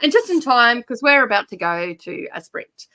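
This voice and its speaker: A woman's voice: fairly high pitch, big pitch swings, moderate pace, sharp tone. A woman with an Australian accent co-hosting a live stream, chatting casually and laughing often. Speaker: livestream co-host.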